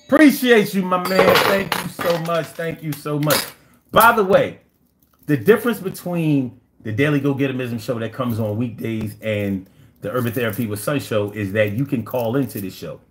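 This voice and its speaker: A man's voice: mid-range voice, normal speed, background noise. A man hosting a live call-in stream, talking loosely and playfully, reading chat messages aloud and using slang. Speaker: livestream talk show host.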